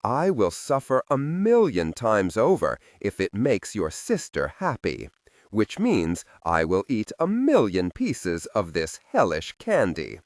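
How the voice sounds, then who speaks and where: A man's voice: on the low side, huge pitch swings, slow, no echo, heavily acted. A man voicing a smug, protective male demon with a Southern drawl, dry and pointed.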